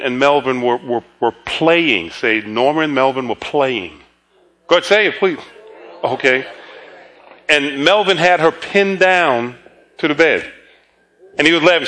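A man's voice: fairly high pitch, bright, forceful tone. A man preaching a conversational sermon, telling stories with chuckling asides and repeated words.

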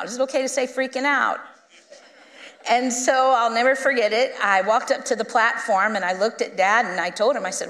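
A woman guest minister telling a story in a sermon, lively and conversational, acting out the people she quotes. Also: a little high, fairly quick, long reverb tail. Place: church sanctuary.

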